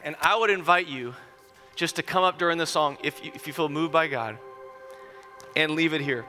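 A pastor preaches to his church in a bright, slightly high voice. He tells the story with sudden hushed drops and building emphasis. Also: moderate pace, soft background music. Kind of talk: sermon.

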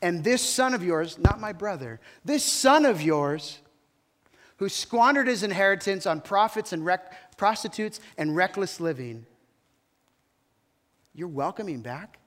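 A man's voice: high voice, animated, unhurried, fairly bright tone, long reverb tail, pitched above the performer's own voice. A man voicing a bitter, resentful older brother as part of a sermon story, ranting indignantly.

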